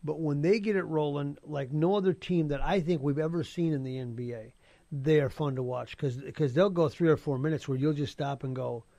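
A man's voice: fairly high pitch, a little fast, vocal fry, warm tone, no room sound. A man talking sports on the radio in a casual, rambling way, repeating words as he goes. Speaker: sports analyst.

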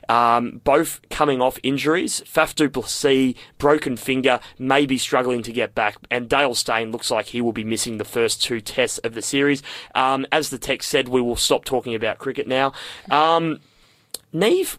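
A man's voice: medium pitch, fairly bright tone, dry recording. Young man, radio sports host, chatty and rambling, dry studio sound. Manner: chatty, rambling, filler-heavy. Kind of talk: casual sports chat on radio.

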